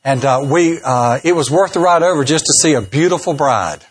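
A man's voice: fairly high pitch, expressive, brisk, husky. A man, a pastor telling jokes and folksy stories in a sermon. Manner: folksy, joking, acts out quoted voices. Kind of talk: humorous sermon storytelling.

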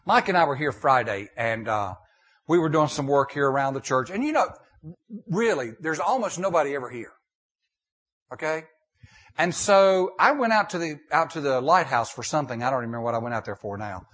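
A man's voice: on the high side, expressive, a little fast, a bit bright. An older man, a pastor, preaching a sermon in a folksy storytelling way, often repeating and restarting his phrases.

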